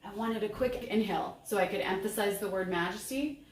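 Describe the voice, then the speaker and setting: A woman's voice: medium pitch, fairly quick, far from the mic. A woman giving a voice lesson in an upbeat, encouraging way. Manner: upbeat and encouraging, sings examples. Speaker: voice teacher. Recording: roomy, mic set back, faint ambience.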